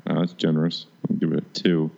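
A man's voice: very deep voice, monotone, fast talker, creaky, darkish tone, lo-fi sound. A man co-hosting a podcast, talking bluntly and sarcastically in casual chat. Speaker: podcast co-host.

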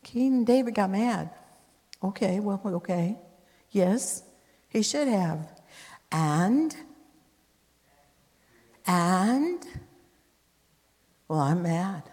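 A woman's voice: medium pitch, expressive, extremely slow, long pauses, darkish tone. A woman preacher retelling scripture in a sermon, emphatic with conversational asides. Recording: long hall reverb.

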